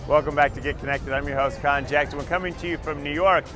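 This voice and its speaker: A man's voice: a little high, steady tone, quick pace, over music. A man hosting a TV talk show outdoors in the city, an enthusiastic and friendly interviewer. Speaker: host.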